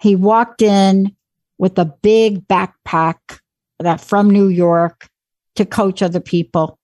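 A woman in her forties, a guest speaker telling an animated, motivational story. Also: medium pitch, slow pace, dry recording. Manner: animated, acts out quoted voices.

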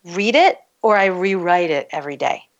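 Relaxed woman coach, slightly low voice. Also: moderate pace, dull audio. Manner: relaxed explaining, laughs often. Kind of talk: casual conversation.

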